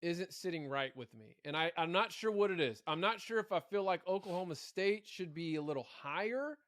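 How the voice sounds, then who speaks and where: High-voiced man on a sports podcast. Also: fairly quick, dry recording. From Arkansas. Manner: animated, repeats words when thinking. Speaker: podcast co-host. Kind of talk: casual sports chat.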